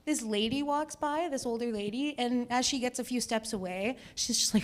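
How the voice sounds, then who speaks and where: A woman's voice: on the high side, normal speed. A young woman from Canada doing a chatty, self-mocking stand-up set at an open mic, laughing at her own jokes. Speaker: stand-up comedian.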